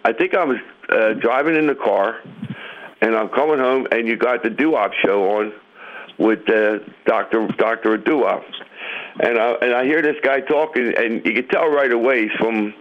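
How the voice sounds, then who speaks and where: A male caller on the phone, telling a story in an animated way and acting out quotes. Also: medium pitch, normal speed. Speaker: caller, musician. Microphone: phone line. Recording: muffled phone line.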